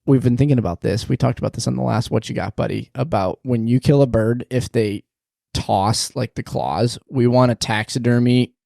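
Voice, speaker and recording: A man hosting a casual podcast in a small studio, upbeat and jokey, talking in quick bursts. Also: medium pitch, steady tone, gravelly, warm tone, dry recording. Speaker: podcast host.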